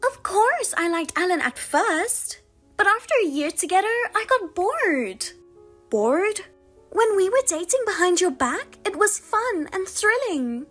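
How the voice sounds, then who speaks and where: A woman's voice: very high voice, sing-song, a little slow, fairly bright tone, faint music behind, pitched above the performer's own voice, heavily acted. Woman doing a smug, taunting younger sister. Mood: callous. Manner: taunting, mocking, sing-song.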